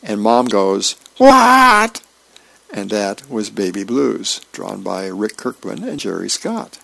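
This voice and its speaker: Slow, gravelly man reading comics. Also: fairly low pitch, dry recording. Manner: unhurried, plain storytelling with light character voices. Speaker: reader of comic strips. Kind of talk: reading comic strips aloud.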